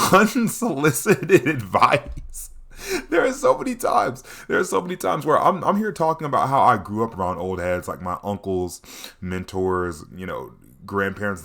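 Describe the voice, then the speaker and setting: A young man telling a comedic storytime, animated and quick to repeat his catchphrases. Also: on the high side. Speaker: vlogger.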